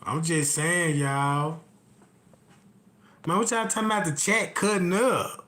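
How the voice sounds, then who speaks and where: A man ranting comically to his live chat, telling a rambling, profane story full of repeated asides and swinging between loud outbursts and low mutters. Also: measured pace. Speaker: livestream host. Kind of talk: comedic rant to a live chat. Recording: roomy echo.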